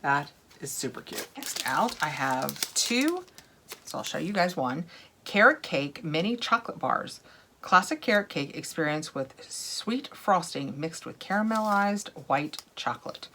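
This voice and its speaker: Low-voiced chatty woman vlogger. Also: sing-song, unhurried, fairly bright tone, a little hiss or hum. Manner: chatty, gushing, laughs often, drops to whispers while sniffing. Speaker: unboxing vlogger. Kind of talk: casual unboxing chat.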